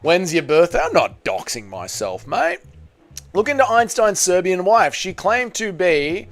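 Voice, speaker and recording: A man with a slightly raised voice runs a loose, casual live stream, chatting through a fight night. He swears freely and breaks into shouts when a fighter goes down, with faint music playing underneath. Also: sits high, very animated, unhurried. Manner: loose and profane, bursts into shouts at big moments. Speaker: host of a fight watchalong stream. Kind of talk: casual live-stream commentary and chat reading.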